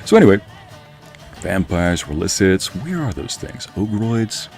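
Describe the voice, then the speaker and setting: A man's voice: low-pitched, very animated, a little slow, vocal fry, a little mellow, soft background music. A man streaming a game, telling a long rambling story with frequent laughs while muttering at the game. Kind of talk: casual chat while playing a game.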